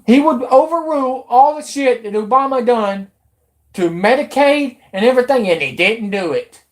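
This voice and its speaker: A woman with a drawl delivers a profane, heated rant straight to her viewers. Her voice sits a little high and swells into angry bursts before dropping low and bitter. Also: expressive, moderate pace, darkish tone. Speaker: YouTube commentator.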